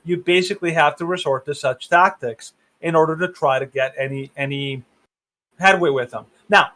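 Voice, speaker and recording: A man co-hosting a podcast over a video call, talking politics in a halting, opinionated way. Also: a little high, sharp tone. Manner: halting, many fillers and restarts, opinionated. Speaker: podcast co-host. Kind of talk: casual political discussion.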